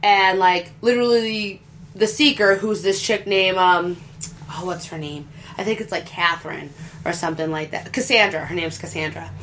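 A woman's voice: fairly low pitch, moderate pace, fairly bright tone, slight background noise. A woman in casual chat about a video game, rambling and chatty with crude humor.

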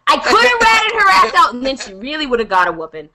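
A woman's voice: high-pitched, quick pace, a loud crowd. A woman telling a story to friends in a casual, profane way, acting out what others said. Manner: profane, animated, acts out quotes in shifting voices. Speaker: podcast co-host.

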